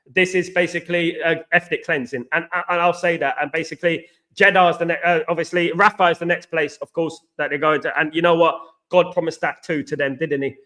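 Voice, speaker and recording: A man from East London, England speaks fairly quickly with a fairly high pitch, steady tone and sharp sound. As a football fan show host on a live stream, he chats casually, repeats himself, reads viewer comments and says "absolutely" frequently.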